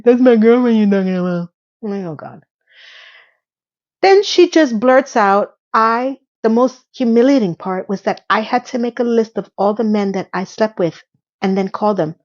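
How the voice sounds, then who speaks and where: A woman's voice: mid-range voice, muffled recording. A woman recapping a TV episode in casual, sassy commentary, acting out the characters' lines.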